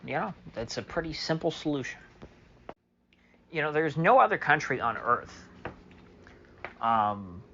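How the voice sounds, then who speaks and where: A man's voice: on the high side, big pitch swings, a little slow, creaky, long pauses, bright, forceful tone, highs cut off, slight background noise. A man delivering a solo opinion monologue as a political commentator, sarcastic and mocking, with many fillers.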